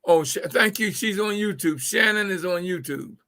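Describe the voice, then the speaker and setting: A man's voice: high voice, lively intonation, normal speed, pushed and bright. A man hosting a live-streamed political talk, speaking emphatically to his viewers, often repeating words as he builds his point. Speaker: livestream show host.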